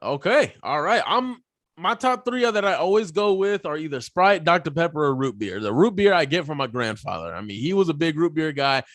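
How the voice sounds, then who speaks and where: A man from Texas hosts a casual football podcast in a lively, animated voice that rides a little higher than most men's. He is playful and hops between topics mid-thought. The sound is dry and close. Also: brisk, no echo. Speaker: podcast host. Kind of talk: casual sports podcast chat.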